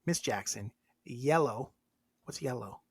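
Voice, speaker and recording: A woman's voice: rumbling low, expressive, slow, a little mellow, breathy edge, no echo. Chatty podcast woman, dry close sound. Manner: chatty, reads lists aloud, laughs and jokes. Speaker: podcast co-host. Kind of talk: casual chat.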